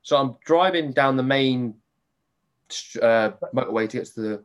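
A man's voice: medium pitch, moderate pace, clear, resonant tone, lo-fi sound. Man telling a story with energy. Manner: animated, swearing, acts out his own reactions. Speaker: podcast host. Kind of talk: casual storytelling chat.

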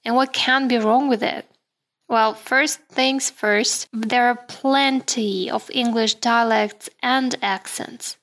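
A woman hosting a solo podcast who explains things in a measured way and speaks directly to her listeners. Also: a little high, steady tone, fairly bright tone. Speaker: podcast host.

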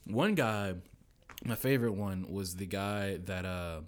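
A man's voice: sits low, unhurried, clean tone. A young man, a podcast guest, telling a story in casual chat, acting out voices and laughing often.

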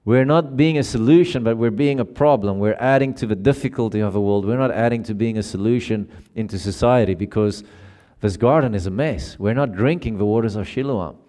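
A man's voice: lowish voice, brisk, dark tone. A male pastor giving a conversational sermon, often checking in with his listeners and laughing while he tells stories.

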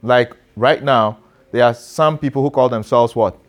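A man gives a relaxed, interactive sermon. He talks to his listeners as a pastor and teacher would. He asks questions and calls on people by name to read. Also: medium pitch, normal speed.

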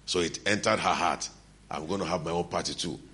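This middle-aged pastor preaches in a low voice with a bright, forceful edge, moving at a fairly quick clip with fairly even intonation. His sermon is built on stories whose characters he voices, and he laughs now and then between lines.

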